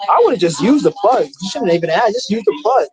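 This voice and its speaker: A man's voice: high-pitched, sing-song, fairly quick, crowd noise, low-quality recording. A man vlogging in casual chat, rambling and swearing a lot and often restarting his sentences.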